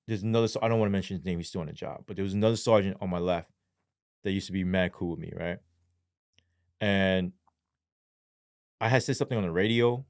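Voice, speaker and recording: As a guest being interviewed, this ex-police sergeant recounts his life in coarse, slang-filled language full of profanity. Speaking of despair, he turns quiet, low and hesitant. The sound is dry and studio-clean.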